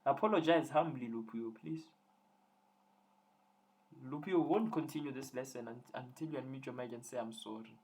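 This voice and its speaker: A man's voice: mid-range voice, fairly quick, long pauses, noisy background. Young male tutor, jokey and teasing, running a live online lesson. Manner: playful, teasing, joking with students.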